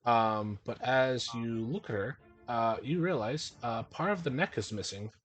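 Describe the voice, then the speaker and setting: A man runs a tabletop game as its game master, narrating in a halting, filler-heavy way. His voice sits at an ordinary middle pitch. Soft music plays faintly behind him.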